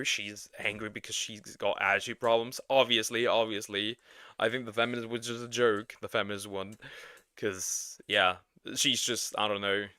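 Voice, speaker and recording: A man chats casually as co-host of a reaction stream. His voice is very bright and smooth, and the sound is dry and close. He rambles and often restarts his sentences. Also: medium pitch, dry recording. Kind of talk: casual chat.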